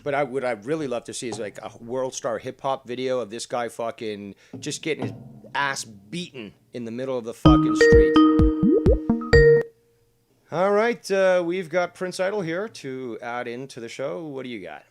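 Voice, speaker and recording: A man hosts a live drama talk stream and rants with heavy swearing. His voice sits in the middle register. Loud guitar music plays behind him throughout. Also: medium pitch, expressive, moderate pace. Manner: profane, heated ranting. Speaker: stream show host.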